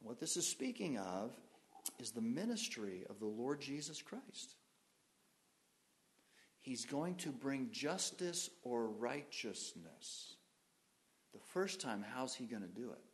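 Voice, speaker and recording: A male pastor preaching a sermon, putting questions to the congregation and swinging from loud emphasis to quiet, soft phrases. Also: mid-range voice, big pitch swings, slow, long pauses.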